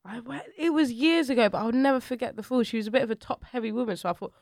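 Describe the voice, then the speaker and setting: A woman's voice: a little high, fast talker, dry recording. Chatty young woman, dry close mic. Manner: chatty, animated storytelling with quoted voices. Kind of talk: casual chat.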